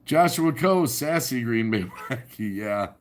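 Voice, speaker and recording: Chatty man in his fifties, lively voice. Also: medium pitch, a little slow, slight background noise. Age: 50s. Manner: chatty, laughs often, answers viewers' chat. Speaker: live streamer. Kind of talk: casual live-stream chat. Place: home garage. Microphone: phone.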